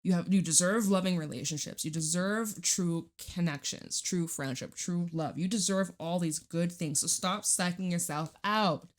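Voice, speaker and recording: A woman's voice: fairly low pitch, moderate pace, few pauses. A woman giving a casual tarot reading to camera, chatty and reassuring, swearing casually and jumping between thoughts. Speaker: tarot reader.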